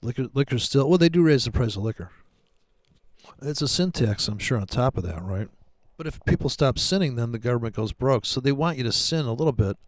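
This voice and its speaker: A man's voice: mid-range voice, animated, a little fast, no room sound, studio quality. A man giving rambling, sarcastic, profane commentary while trading live. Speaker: day trader streaming live.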